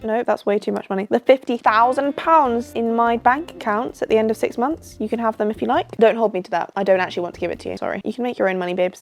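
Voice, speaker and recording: Chatty, tired British woman vlogging. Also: a little high. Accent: British English. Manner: chatty, self-mocking, jumps between topics. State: tired from little sleep. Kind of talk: casual vlog chat to camera.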